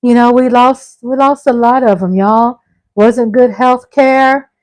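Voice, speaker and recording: A woman's voice: a little high, steady tone, takes it slowly, no room sound, poor audio. A middle-aged woman hosting a casual live stream. She reads out viewer comments and chats back to them, calling her viewers y'all and breaking into exclamations.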